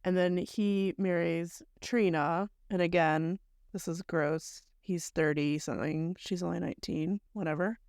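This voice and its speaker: Female podcast co-host, lower register, blunt conversational recapper, dry close mic. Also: fairly even intonation, measured pace, a little mellow, no echo. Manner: conversational, recounting events in long run-on chains; blunt, mild swearing. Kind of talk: casual chat recapping a story.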